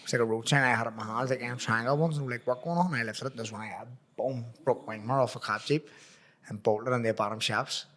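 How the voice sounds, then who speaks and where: A man's voice: mid-range voice, steady tone, quick pace, bright, forceful tone. A man with a Belfast accent hosting a podcast, telling profane stories in casual chat and acting out the voices in them. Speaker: podcast host.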